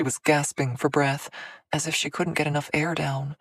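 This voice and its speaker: A woman narrating a fantasy audiobook in a measured, dramatic storytelling manner. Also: low voice, level tone, dry recording. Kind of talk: scripted narration.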